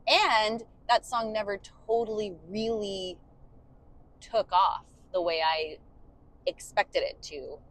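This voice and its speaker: A singer and bandleader co-hosting a podcast talks casually in a moving car, full of fillers, now and then singing brief demo bits. She speaks slowly with a medium-pitched, slightly bright voice. The audio is poor.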